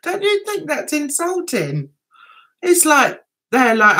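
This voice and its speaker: A woman's voice: high voice, wildly swooping pitch, takes it slowly, bright, forceful tone, a little hiss or hum. A woman hosting a casual livestream chat, giggling and chatting as she reads out viewer comments and answers them. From England. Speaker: livestream host.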